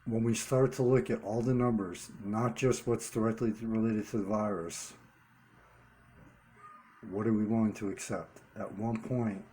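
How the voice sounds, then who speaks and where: A man with a somewhat deep, soft and mellow voice speaks off the cuff to his audience. He is earnest and a bit halting, circling back to repeat the words he wants to stress. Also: steady tone, slight background noise. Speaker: vlogger running a one-person channel. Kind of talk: unscripted commentary monologue.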